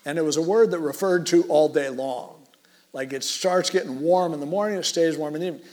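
Conversational male pastor, slightly high voice. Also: darkish tone. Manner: conversational, storytelling, unhurried. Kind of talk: sermon.

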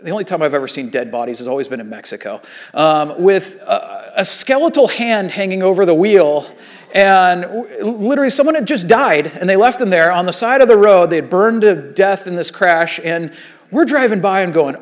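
A man in his thirties, an associate pastor, telling a story in a sermon in a casual, animated way with many fillers. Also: high voice, a little fast.

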